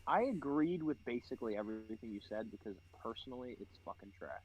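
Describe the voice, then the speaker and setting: A man's voice: medium pitch, lively intonation, fast, a little hiss or hum, rough recording. A young man co-hosting a podcast, chatting casually and laughing about video games while he plays, swearing often. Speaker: podcast co-host. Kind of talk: casual gaming chat while playing.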